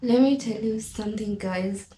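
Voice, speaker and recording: A woman vlogger, tearful and halting, speaking emotionally to her viewers. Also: mid-range voice, mellow. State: tearful, holding back crying. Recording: echoey room.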